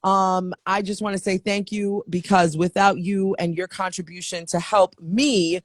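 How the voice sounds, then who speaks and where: Woman host, middle-aged, playful sign-off chatter, mid pitch, dry close sound. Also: fairly even intonation, a little slow, no room sound. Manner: chatty, playful, many fillers. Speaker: show host. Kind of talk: casual show sign-off.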